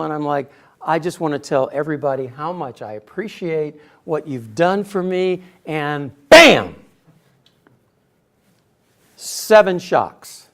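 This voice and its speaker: A middle-aged man telling a personal story in a speech to an audience, acting out quotes with sudden loud bursts. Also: a little high. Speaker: speaker giving a personal talk.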